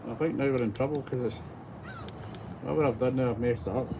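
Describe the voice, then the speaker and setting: A man's voice: mid-range voice, a little fast, vocal fry, noisy background. A Scottish man in his sixties giving a rambling, chatty walking-tour vlog with a phone on a gimbal, poking fun at himself. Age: 60s. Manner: chatty, rambling, self-deprecating. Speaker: vlogger. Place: outdoor heritage museum grounds. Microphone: handheld phone on gimbal.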